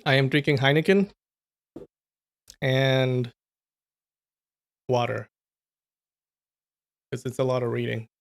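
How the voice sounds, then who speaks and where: A man reading a novel aloud on a livestream, breaking off for relaxed chat with viewers' comments. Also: mid-range voice, slow, gravelly, long pauses. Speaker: livestream storyteller.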